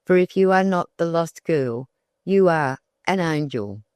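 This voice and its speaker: A sly old countrywoman, as the audiobook narrator puts her on, coaxes in a folksy rural way. Her words come slowly and evenly. The sound is close and dry, with no room around it. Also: medium pitch, expressive, darkish tone, smooth, no room sound, close to an everyday voice. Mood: coaxing.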